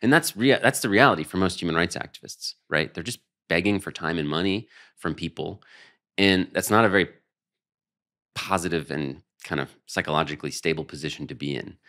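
A man's voice: deep voice, fairly quick, fairly bright tone. A man talking as an interview guest, earnest and emphatic, with frequent restarts as he explains his views. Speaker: interview guest, human rights strategist. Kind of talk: conversational interview.

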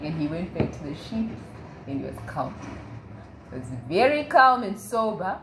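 Woman leading bible study, acts out the voices, low-ish, roomy echo, bit of background hum. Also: moderate pace. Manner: lively storytelling, acts out quoted voices. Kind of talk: casual Bible study retelling. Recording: echoey room, faint ambience.

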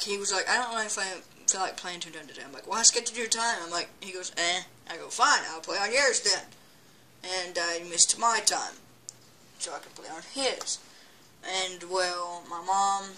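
A casual gameplay commentator with a bright, forceful voice, rambling and chatty as they play. They stammer and restart often and talk back at whatever is on screen. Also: medium pitch. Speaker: gameplay video maker.

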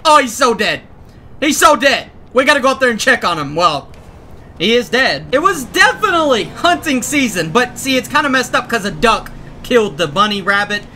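Give me a young man narrating his gameplay in a high, bright, lively voice. He talks with excitable energy and often breaks into shouts and laughs. A faint hiss sits under the voice. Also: moderate pace. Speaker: gaming YouTuber. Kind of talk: gameplay commentary.

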